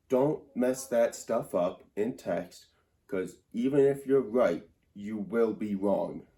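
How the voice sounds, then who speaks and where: A man's voice: lowish voice, warm tone. A man giving a comedic grammar lesson at a whiteboard indoors, rambling and wry in a mock-serious way.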